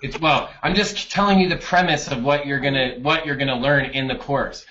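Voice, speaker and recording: A man joking and riffing in a casual chat, playing up a mock sales pitch over a video call. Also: fairly even intonation, fairly quick, pushed and bright, a little hiss or hum. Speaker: co-host marketing leader. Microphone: webcam on a video call. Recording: dull lo-fi video-call audio.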